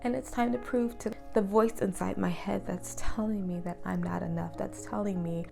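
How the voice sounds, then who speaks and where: A woman's voice: medium pitch, fairly even intonation, normal speed, gravelly, over music. A young woman talking earnestly and openly to the camera in a personal vlog, sometimes dropping to a whisper. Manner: earnest, open and reflective, drops to a whisper at times. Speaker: vlogger.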